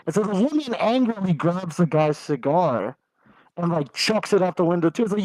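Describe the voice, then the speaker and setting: A man's voice: high voice, lively intonation, moderate pace, a little mellow, no echo, poor audio. A man co-hosting a gaming podcast, telling long jokes casually with lots of fillers. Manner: rambling storyteller with filler words. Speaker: podcast co-host.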